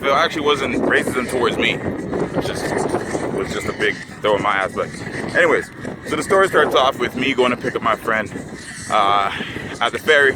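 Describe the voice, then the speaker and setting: A man's voice: mid-range voice, heavy background noise. A young man telling a story to camera in a casual, rambling way, full of filler words. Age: young adult. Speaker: vlogger.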